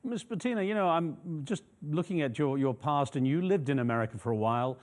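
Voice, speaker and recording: A man conducting a news interview, asking probing questions in a measured way with occasional fillers. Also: fairly high pitch, lively intonation, darkish tone.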